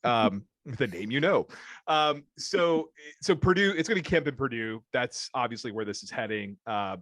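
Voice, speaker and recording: A man hosts a political podcast, working through the news with frequent pauses, fillers and sidetracks. His voice sits at a middle pitch and sounds dry and close to the mic. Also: animated, a bit bright, dry recording. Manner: hesitant, lots of fillers and asides. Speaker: podcast host. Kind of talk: casual political chat.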